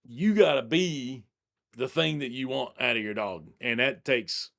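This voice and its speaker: A middle-aged man, talking as a podcast guest in an animated, blunt, joking way with some cursing. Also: medium pitch, a little slow, vocal fry. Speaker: dog training company owner, guest. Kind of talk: energetic podcast interview.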